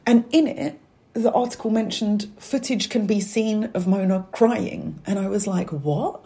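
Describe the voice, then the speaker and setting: A woman's voice: medium pitch, fairly even intonation, unhurried, warm tone. A woman, a guest talking openly and animatedly in an interview, with asides and fillers. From England. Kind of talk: interview conversation.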